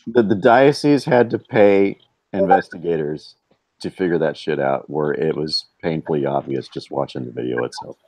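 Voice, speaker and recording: A man co-hosting a casual online chat, halting and restarting his sentences. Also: extremely low pitch, a little mellow, no echo.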